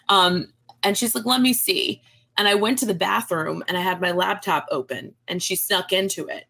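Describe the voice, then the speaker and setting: A woman in her thirties talks casually as a guest in an interview. She tells stories with lots of energy and puts on quick voices for the people she quotes. Her pitch sits in the middle for a woman. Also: vocal fry. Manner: animated storyteller, acts out quoted voices. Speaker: guest author.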